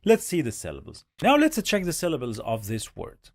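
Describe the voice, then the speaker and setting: A man's voice: medium pitch, wildly swooping pitch, a little fast, no echo, clean studio sound. A man teaching Quran reading in a step-by-step lesson, patiently repeating each sound many times. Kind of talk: slow step-by-step language lesson.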